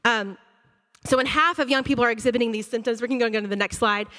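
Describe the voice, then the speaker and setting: A woman school counselor giving an animated, conversational talk to a church audience, acting out her students' reactions. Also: a little high, fast. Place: church auditorium. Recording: long hall reverb.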